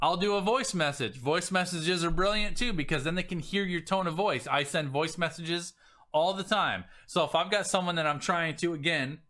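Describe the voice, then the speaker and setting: A man coaching on selling, talking casually and with energy, often acting out sample messages in a lively voice. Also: fairly high pitch, normal speed. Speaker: business coach. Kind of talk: casual teaching talk.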